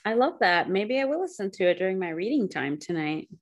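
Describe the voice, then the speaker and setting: A woman's voice: mid-range voice, big pitch swings, brisk, highs cut off. A woman co-hosting a podcast in casual chat, easygoing, with many fillers and short replies. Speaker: podcast co-host.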